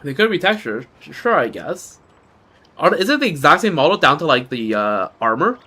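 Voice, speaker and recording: Male game streamer, bright and somewhat high voice, rambling self-deprecating chatter. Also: big pitch swings, normal speed, husky. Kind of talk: casual let's-play commentary.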